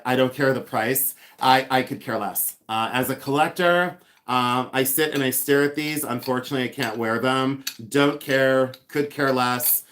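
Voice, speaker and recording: A man from Ohio hosts a live stream as a reseller, chatting loosely and rambling from one thing to the next. He leans on lots of fillers and slows down to spell words out letter by letter. His voice sits at an ordinary middle pitch for a man. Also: fairly bright tone. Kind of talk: casual live-stream chat.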